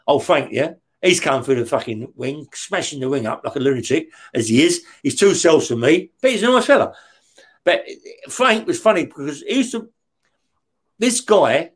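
London guy, older, slightly high voice, swears a lot and keeps saying yeah?. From West London. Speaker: interview guest, former prisoner. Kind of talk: casual storytelling.

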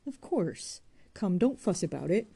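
Woman doing a blunt worldly young woman, storybook reading, brisk, forceful, dark low voice. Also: sing-song, vocal fry, husky, heavily acted. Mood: defiant.

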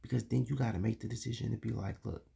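A man's voice: fairly low pitch, fairly even intonation, fast, creaky, mellow, slightly rough. A young man hosting a faith talk for men, speaking casually and confessionally with lots of slang and fillers. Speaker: podcast host.

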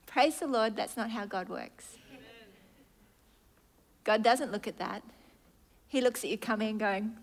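A woman pastor preaching a sermon, acting out prayers and God's replies as little dialogues, dropping to a hush and then rising loud. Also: mid-range voice, unhurried.

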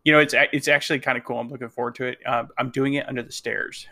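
A man with a gravelly, bright voice chats on a gaming podcast. He talks in a relaxed, easygoing way and laughs along with the others. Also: medium pitch, racing. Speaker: podcast co-host. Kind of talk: casual gaming podcast chat.

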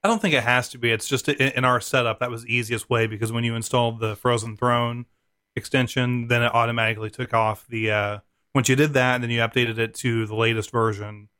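A man's voice: mid-range voice, flat delivery, brisk, sharp tone, smooth, no room sound. A man co-hosting a casual podcast, easygoing and laughing often while explaining technical setup steps. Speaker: podcast co-host.

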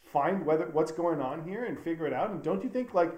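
A man with a slightly higher voice talks at length in a casual interview, rambling earnestly through many fillers and restarts. He speaks as a documentary filmmaker. The sound is roomy and echoey. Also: expressive, brisk, a little mellow, dull audio. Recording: roomy echo.

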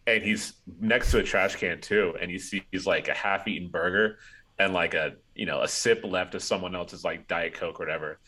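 Very deep-voiced man in casual chat. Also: moderate pace, pushed and bright. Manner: rambling, heavy on "like" fillers.

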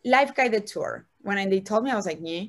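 Animated woman with a Spanish accent. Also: mid-range voice, a little fast. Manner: animated, effusive, acts out little dialogues. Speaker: venture capital investor, guest. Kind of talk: casual interview chat. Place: calling in from home. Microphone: video call.

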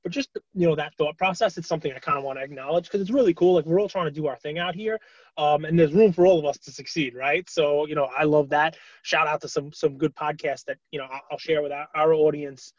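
A man co-hosting a podcast, chatting casually with lots of fillers and animated retelling. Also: a little high, fast talker, no room sound, lo-fi sound. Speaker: podcast co-host. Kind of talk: casual chat.

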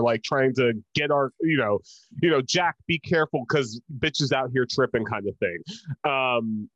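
A man's voice: mid-range voice, no room sound, lo-fi sound. A young adult man co-hosting a podcast, chatting casually with blunt, opinionated jokes. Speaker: podcast co-host. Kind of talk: casual rewatch podcast chat.

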